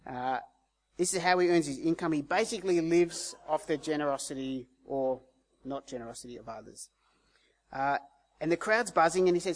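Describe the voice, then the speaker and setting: Man, pastor, sermon, casual storytelling, higher voice. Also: moderate pace, long pauses. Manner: conversational, acts out quoted voices.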